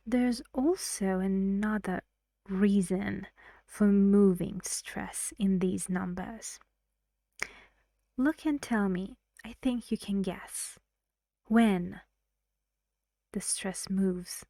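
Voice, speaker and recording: A woman teaching English pronunciation in a recorded lesson, speaking carefully and often dropping to a soft whisper. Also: mid-range voice, drawn-out words, vocal fry, long pauses, no room sound.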